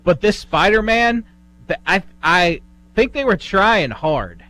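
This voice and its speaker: A man co-hosting a radio show in a studio, chatting casually and tossing in quick joking remarks. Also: sits high, very animated, sharp tone.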